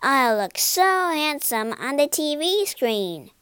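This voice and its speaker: A woman's voice: on the high side, sing-song, takes it slowly, gravelly, a little mellow, dry recording, clean studio sound, heavily acted. A woman voicing a vain male ghost lord in a storybook reading, bossy and boastful.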